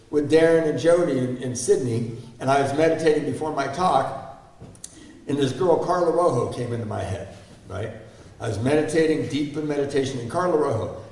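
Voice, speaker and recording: A man's voice: mid-range voice, a little mellow. Older man telling his story in an echoey hall. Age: 60s. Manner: candid, self-deprecating, asks the audience questions. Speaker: guest speaker. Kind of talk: personal recovery story told to an audience. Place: large hall before an audience. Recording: echoey hall, mic far off.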